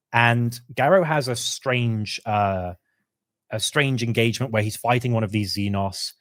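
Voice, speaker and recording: A man with a lowish voice chats about lore on a podcast, recorded close and dry. He keeps it casual and lively, often slipping into quick put-on voices for the characters he describes. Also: no echo. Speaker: podcast co-host.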